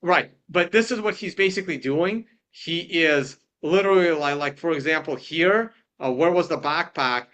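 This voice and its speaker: A man's voice: a little high, moderate pace, few pauses, a bit bright. Chatty man walking through videos. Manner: rambling, restarts, narrates what is on screen. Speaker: host. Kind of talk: casual screen-share commentary.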